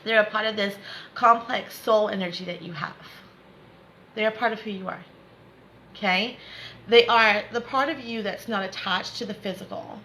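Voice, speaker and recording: A woman's voice: mid-range voice, moderate pace, bright, forceful tone, slight background noise, poor audio. A woman giving a live spiritual lesson, repeating herself to encourage viewers and laughing often. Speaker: spiritual teacher.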